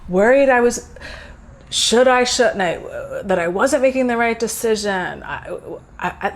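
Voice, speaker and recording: An earnest woman hosting a casual spiritual talk, at a mid-range pitch. She tells a personal story in a relaxed, unscripted way and thinks aloud as she goes. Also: slight background noise. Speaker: host.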